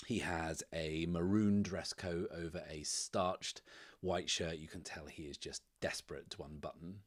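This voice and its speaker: A man with a very low voice spins out a tabletop adventure on his own. He paints the scene in loose, unhurried narration and muses aloud over each roll. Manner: relaxed, descriptive storytelling that drifts into thinking aloud. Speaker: solo game master and host. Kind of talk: narrating a solo tabletop game.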